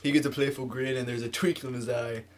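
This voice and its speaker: A man's voice: medium pitch, flat delivery, quick pace. A young man co-hosting a let's play, reading game narration aloud with hesitant "uh"s. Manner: hesitant, lots of "uh", laughing asides.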